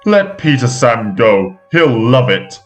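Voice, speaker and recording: A man's voice: medium pitch, big pitch swings, slow pace. A man voicing a haughty, grumpy male narrow-gauge engine who talks in a sulky, snooty way, with music behind. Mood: lazy.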